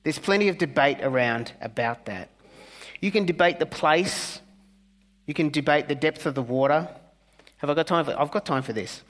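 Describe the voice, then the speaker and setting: A male pastor preaching a conversational sermon, earnest, with humorous asides and soft, hushed key words. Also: on the high side, normal speed. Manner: earnest, softening to near-whispers on key words.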